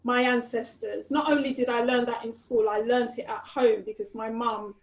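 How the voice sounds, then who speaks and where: A woman guest telling her story in a conversational interview, animated and peppered with "you know". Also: fairly high pitch, normal speed. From Nigeria. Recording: echoey room.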